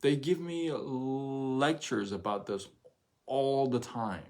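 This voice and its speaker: A middle-aged man hosting a casual livestream, talking in an animated way, often repeating himself and asking "right?". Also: medium pitch, slow pace. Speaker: livestream host.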